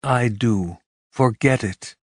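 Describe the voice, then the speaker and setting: A man's voice: mid-range voice, takes it slowly, no room sound, studio quality. A male audiobook narrator voicing an intense, impatient but caring woman, raising his voice and speaking with urgency. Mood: soothing. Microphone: close studio mic.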